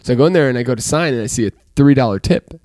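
A man co-hosting a casual podcast chat, telling stories in an animated, exasperated way. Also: medium pitch, racing, dry recording, studio quality. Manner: animated storyteller, exasperated rants. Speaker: podcast co-host.

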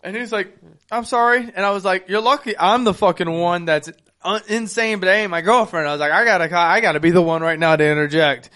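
Animated young man telling a profane story. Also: high-pitched, brisk. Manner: animated, profane storytelling, bursts into loud laughter. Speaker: podcast co-host. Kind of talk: casual storytelling chat.

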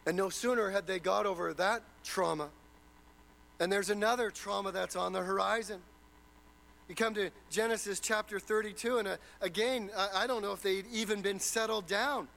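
A man's voice: high-pitched, moderate pace, creaky, sharp tone, rough recording. A man preaching a sermon, retelling a story dramatically and posing rhetorical questions.

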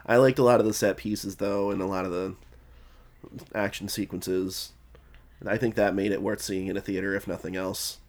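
Calm guy with a low-ish voice, chill movie podcast chat. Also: moderate pace. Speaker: podcast co-host. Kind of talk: casual film review chat.

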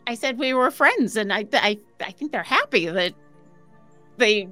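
A woman's voice: fairly high pitch, expressive, unhurried, sharp tone, faint music behind. A woman playing in a tabletop game, speaking eagerly in and out of character and often repeating words as she goes. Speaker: player. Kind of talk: casual in-character play.

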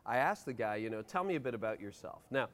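A man's voice: mid-range voice, expressive, quick pace, a bit bright. A man with a Canadian accent talking casually as a podcast guest, chatty and self-deprecating, laughing easily.

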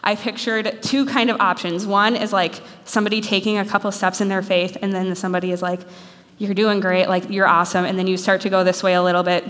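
A young woman from Minnesota giving an animated, self-deprecating talk to students. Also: medium pitch, fast talker, hardly any pauses. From Minnesota, USA. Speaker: speaker. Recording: long hall reverb.

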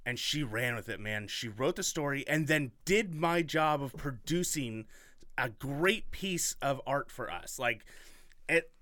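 A man's voice: on the high side, bright, forceful tone, no echo, studio quality. A man hosting a podcast in casual chat, rambling and enthusiastic with lots of fillers. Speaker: podcast host.

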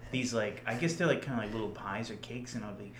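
A man appearing as a guest on a casual podcast, telling stories in an animated way and often adding "you know". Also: fairly low pitch, fast. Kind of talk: casual chat. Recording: echoey room, faint hum.

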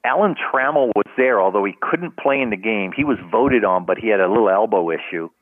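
A man's voice: fairly low pitch, expressive, a little fast, no echo. Older man telling stories over a tinny phone line. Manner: rambling anecdotes full of "you know" and restarts, acting out other people's lines. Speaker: guest, retired baseball team trainer. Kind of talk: casual storytelling in a podcast interview.

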